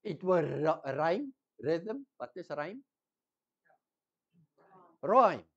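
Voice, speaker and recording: A man preaching a sermon, teaching slowly, repeating key words and asking the congregation questions. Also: a little high, very animated, gravelly, breathy edge, dull audio.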